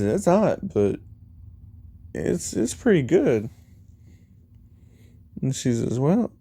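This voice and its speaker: A man spins a fan-made story in an unhurried, rambling way, repeating each character's lines in his own voice. His tone is deep-set and mellow, close to the mic in a dead, dry room. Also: vocal fry, slightly rough, dry recording. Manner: rambling, retells dialogue with 'he's like' and 'you know'. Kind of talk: casual fan-fiction storytelling.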